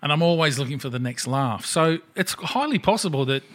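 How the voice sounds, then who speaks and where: A man's voice: on the high side, lively intonation, fairly quick, fairly bright tone. Middle-aged man, podcast host, blunt and profane, easygoing chat. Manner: blunt, swears freely, laughs at himself. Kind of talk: casual chat.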